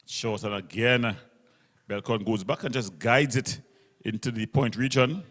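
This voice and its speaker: A man calling a local cricket match ball by ball, brisk and methodical as he walks through the field placings. His voice trails a long reverb. He sits at a mid pitch. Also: fairly bright tone. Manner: brisk, describes field placings, self-corrects. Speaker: cricket commentator. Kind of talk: live ball-by-ball commentary. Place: local cricket ground broadcast.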